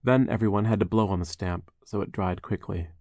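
A man narrating a storybook in measured, scripted narration with wry asides. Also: lowish voice, darkish tone, no room sound, studio quality. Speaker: audiobook narrator.

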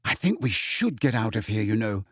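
A man's voice: on the low side, sing-song, normal speed, a bit bright, breathy edge, dry recording, clean studio sound, full character voice. A man voicing an earnest, anxious teenage girl who pleads urgently.

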